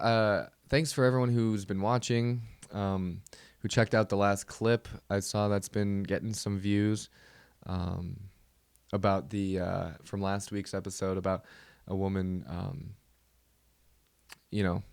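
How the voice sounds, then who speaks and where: A man's voice: lowish voice, a little mellow, smooth, dry recording. A man hosting a comedy podcast, ranting in a casual, exasperated and profane way that rambles along.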